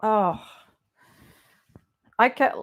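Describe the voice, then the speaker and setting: Slow, chatty woman reading tarot live. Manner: chatty, greets viewers by name, repeats questions aloud. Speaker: tarot reader.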